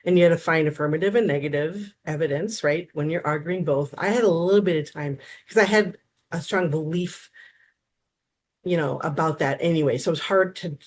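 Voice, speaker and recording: A woman in her fifties from Wisconsin, a therapist guest telling lively stories and acting out quotes in a casual interview. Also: low voice, fairly quick, a little hiss or hum. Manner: animated storyteller, acts out quotes.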